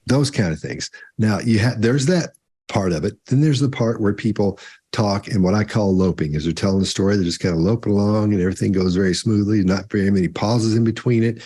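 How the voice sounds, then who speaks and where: A man co-hosting a live Q&A, talking slowly and deliberately with long pauses in the middle of sentences. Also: fairly low pitch, dark tone, breathy edge. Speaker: co-host. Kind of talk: live Q&A talk.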